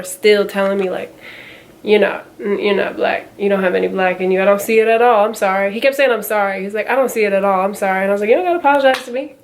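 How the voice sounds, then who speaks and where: A woman's voice: mid-range voice, a little hiss or hum. A young woman in her twenties telling a story in a casual vlog, chatty and full of quoted back-and-forth, with a slightly nasal tone. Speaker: vlogger.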